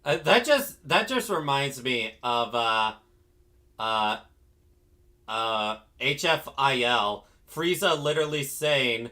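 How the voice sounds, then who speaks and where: A man's voice: mid-range voice, sing-song, slow pace, sharp tone. A man streamer chatting casually with friends, often restarting sentences and laughing easily. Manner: restless, stumbles over his words, laughs easily. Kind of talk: casual chat.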